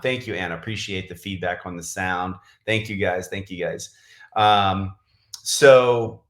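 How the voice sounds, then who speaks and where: Rambling low-voiced man on a livestream. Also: fairly bright tone, echoey room. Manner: rambling, many fillers and self-corrections; says he is talking really fast. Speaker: direct-sales team leader. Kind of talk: casual livestream training. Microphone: camera mic on livestream.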